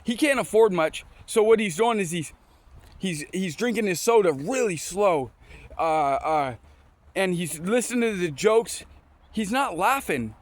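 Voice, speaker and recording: A man's voice: high-pitched, animated, unhurried. A man casually telling motivational stories, rambling and restarting often, with scripture mixed in. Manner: mixes in scripture quotes. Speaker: motivational storyteller.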